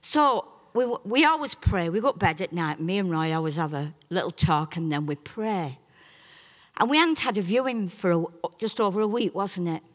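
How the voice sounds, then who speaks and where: A woman's voice: on the low side, lively intonation, normal speed. Emphatic woman preaching. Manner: emphatic, swings between loud preaching peaks and soft asides. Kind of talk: sermon with personal testimony. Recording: long reverb of a large hall.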